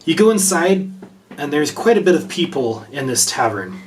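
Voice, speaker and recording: A man narrating a tabletop game as game master, often halting and repeating words. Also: fairly high pitch, sing-song, slight background noise.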